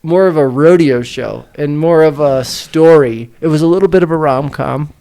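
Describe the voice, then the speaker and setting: Podcast guy rambling and laughing, smooth clear voice, kinda high. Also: normal speed, dark tone. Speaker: podcast co-host. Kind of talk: casual chat.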